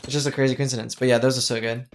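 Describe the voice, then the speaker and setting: A game streamer chatting casually during a live gameplay stream, excitable, exclaiming often and thanking viewers. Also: mid-range voice, very fast, slight background noise.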